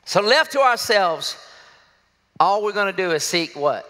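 A middle-aged pastor preaching a sermon, joking and laughing often with self-deprecating asides. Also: male voice, high-pitched, very animated, unhurried, pauses often, sharp tone, long reverb tail. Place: church sanctuary.

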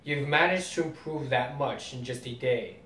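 Man reading a stern ninja mentor, curt and flat, faint rumble behind, distant mic. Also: normal speed, reverberant, lightly acted. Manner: reads comic dialogue flatly.

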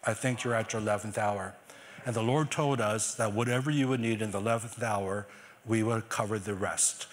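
An older man preaching a sermon as pastor, animated, swinging between loud exclamations and quiet asides. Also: fairly low pitch, moderate pace, a crowd in the background, noisy background. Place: large church hall. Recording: long church hall reverb.

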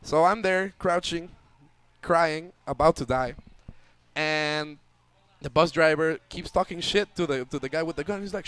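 A young man casually telling a story on a stream, loudly acting out the voices in it. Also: a little high, moderate pace, smooth. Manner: animated, acts out voices loudly. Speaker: guest storyteller.

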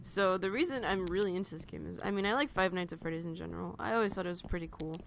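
Very fast and gravelly, her voice low yet fairly bright, the young let's play gamer jitters and laughs nervously through a horror game, cursing at each startle. Faint hiss sits beneath the audio.

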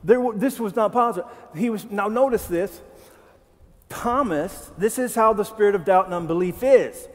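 A high-voiced man at a moderate pace, heard in a large hall, leads a sermon in a church sanctuary. As pastor, he speaks conversationally and often puts questions to the congregation.

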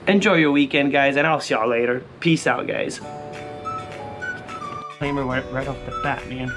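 A man hosting a lottery scratch-off vlog in excited casual commentary. He keeps calling out to his viewers and breaks into shouts and sing-song cheers when he wins. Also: mid-range voice, moderate pace, over music. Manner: shouts and sing-songs when he wins, then drops back to calm chatter.

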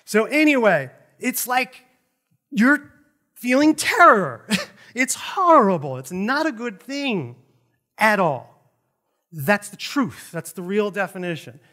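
Animated, high-voiced preacher man. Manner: animated, conversational, jokey asides to the congregation. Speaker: pastor. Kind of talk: sermon.

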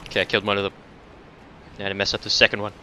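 A man doing casual let's-play commentary, cursing and taunting enemies, dropping to mutters and then breaking into loud outbursts. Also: fairly low pitch, monotone, very fast, slight background noise. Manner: profane, talks back to enemies, swings between mutters and outbursts. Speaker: gameplay commentator.

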